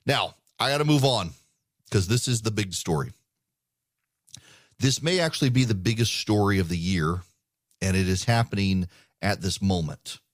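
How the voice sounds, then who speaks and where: A man's voice: lowish voice, moderate pace, long pauses, no echo, clean studio sound. A man hosting a political talk radio show, speaking emphatically and often repeating words as he starts a sentence. He grew up in the United Arab Emirates.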